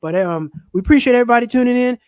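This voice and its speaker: High-voiced man hosting a casual livestream. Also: very fast, a little mellow, clean tone, dry recording, clean studio sound. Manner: laid-back, swears casually. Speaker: livestream host. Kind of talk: casual live-stream chat.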